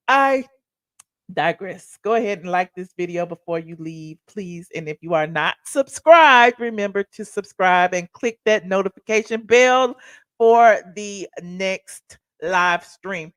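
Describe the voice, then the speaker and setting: A woman's voice: fairly high pitch, dry recording. Woman, Southern accent, livestream host, chatty drawl, dry close sound. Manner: chatty, drawling, calls viewers child and honey. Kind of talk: casual livestream wrap-up.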